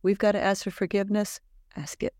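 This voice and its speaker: A middle-aged woman hosts a heartfelt chat, her voice sitting at an ordinary mid pitch. She speaks earnestly and emphatically, offering spiritual encouragement. The sound is dry and close, with no room echo. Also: little pitch movement, fairly quick, a little mellow. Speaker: podcast host. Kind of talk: heartfelt conversation.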